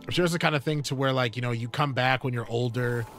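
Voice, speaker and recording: A man's voice: medium pitch, fast, a bit bright. Rambling male streamer over game music. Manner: rambling, filler-heavy, easily sidetracked. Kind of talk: casual gaming chat.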